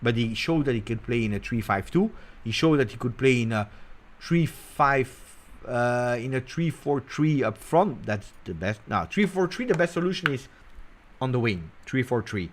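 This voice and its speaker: A man hosting a casual football talk show, animated and teasing, jumping between loud bursts and quiet mutters. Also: mid-range voice, normal speed, a little hiss or hum. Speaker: football channel host. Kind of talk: casual live commentary.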